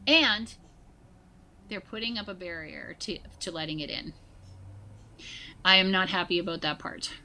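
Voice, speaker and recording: A woman in her forties speaks as a guest in a relaxed conversation. Her voice is bright and forward. She tells her stories in an animated way, full of "like" and "you know.". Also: fairly low pitch, normal speed, pauses often. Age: 40s. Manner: animated storyteller, many fillers like "like" and "you know". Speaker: guest, social emotional learning teacher. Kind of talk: casual conversation.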